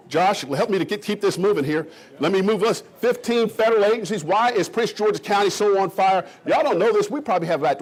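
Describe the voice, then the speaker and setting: A middle-aged man from Kentucky giving an animated presentation to a room of realtors. He is folksy and emphatic and talks straight to the audience. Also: high voice, fast talker, slightly rough. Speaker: economic development official.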